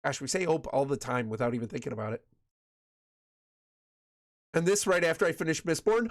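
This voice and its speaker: A man's voice: on the high side, expressive, fairly quick, long pauses, no room sound. A man from West Michigan with a Michigan accent, chatting casually with his viewers while streaming a game, rambling and often restarting his sentences. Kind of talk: casual chat while gaming.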